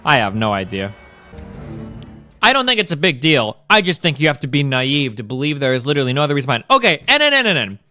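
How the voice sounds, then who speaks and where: A man's voice: mid-range voice, lively intonation, fast, sharp tone, no echo, studio quality, faint music behind. A man streaming, ranting at his chat in a profane, combative and sarcastic way. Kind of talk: ranting reaction commentary.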